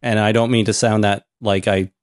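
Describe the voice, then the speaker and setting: A man's voice: on the low side, level tone, moderate pace, no room sound, clean studio sound. A man co-hosting a casual podcast chat, hesitant and repeating words while he searches for them. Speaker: podcast co-host.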